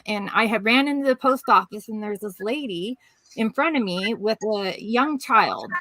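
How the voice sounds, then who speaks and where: A woman's voice: mid-range voice, sharp tone, no echo, low-quality recording. A middle-aged woman from Washington State, telling a rambling personal story as a podcast guest and acting out the voices of people she quotes. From Washington State, USA. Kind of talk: casual storytelling chat.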